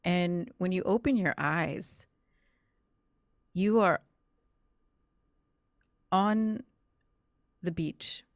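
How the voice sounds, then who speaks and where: A woman narrates a horror tabletop scene as game master, slow and deliberate. Her voice sits a little low. The recording is dry and close. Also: no echo.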